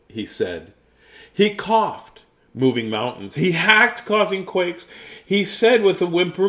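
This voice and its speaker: A man's voice: fairly high pitch, big pitch swings, takes it slowly. A man reading children's picture books aloud in a playful, silly way, laughing and chatting between pages. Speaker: children's book reader.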